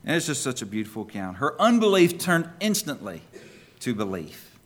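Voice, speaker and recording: Man, pastor, sermon, emphatic, lively intonation, medium pitch. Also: moderate pace. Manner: emphatic, questioning the congregation.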